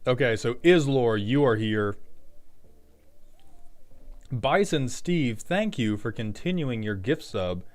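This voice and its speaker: A man's voice: mid-range voice, expressive, slow, long pauses, a little mellow. A young man streaming live, casually reviewing and roasting viewers' card decks in a blunt, joking, profane way. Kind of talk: casual livestream commentary.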